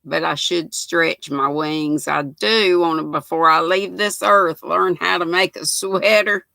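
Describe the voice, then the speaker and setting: Chatting casually through the comments on her crochet livestream, this older North Carolina woman greets viewers by name in a folksy local Southern accent. She speaks unhurriedly in a lowish, steady voice with vocal fry, sounding pushed and bright, and the recording has no room sound.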